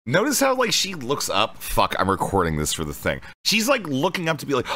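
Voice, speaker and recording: A man's voice: medium pitch, huge pitch swings, a little fast, sharp tone. A man streaming live, chatting casually to his viewers with loose, profane commentary. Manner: loose, profane, addresses chat directly.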